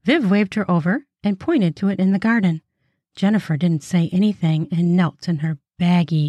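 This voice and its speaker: A woman reading an erotic novella aloud as a podcast narrator, with a slow, soft, unhurried delivery. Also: on the low side, no room sound.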